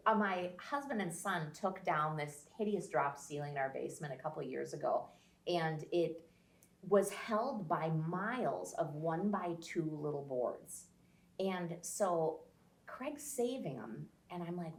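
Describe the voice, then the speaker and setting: Animated middle-aged woman telling stories. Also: sits low, measured pace. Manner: animated, acts out quoted people in a raised voice. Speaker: guest, social media creator. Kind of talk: casual storytelling.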